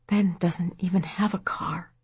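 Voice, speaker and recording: A woman voicing an anxious, timid single mother in an audiobook, speaking softly and hesitantly. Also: medium pitch, fairly even intonation, moderate pace, vocal fry, slightly rough, no room sound, pitched above the performer's own voice. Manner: soft, hesitant, barely audible.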